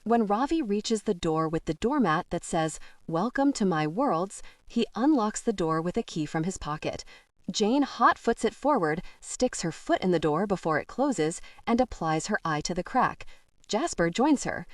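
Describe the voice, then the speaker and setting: A woman narrating a young adult audiobook in a measured and expressive way. Her mid-pitched voice is dry, with no room sound. She sits a little back from the microphone. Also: dry recording. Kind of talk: scripted narration. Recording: dry, slightly distant mic.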